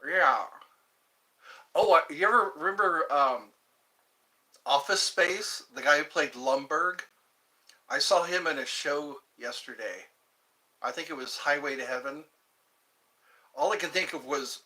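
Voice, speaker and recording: A man's voice: fairly high pitch, a little slow, long pauses, sharp tone. A man hosting a livestream, chatting casually and rambling with frequent chuckles. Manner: chuckling, drifting between impressions. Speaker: livestream host.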